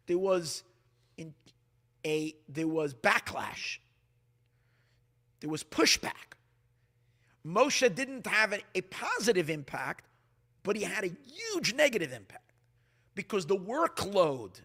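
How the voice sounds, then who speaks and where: A man giving a sermon as a rabbi, animated and prone to restarts, who acts out quoted dialogue. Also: high voice.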